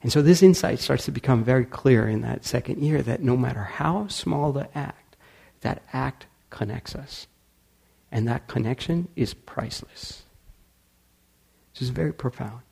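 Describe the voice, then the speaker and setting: Brief: male speaker, gravelly and husky, animated storyteller. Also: medium pitch. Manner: animated storyteller acting out quotes. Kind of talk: storytelling talk.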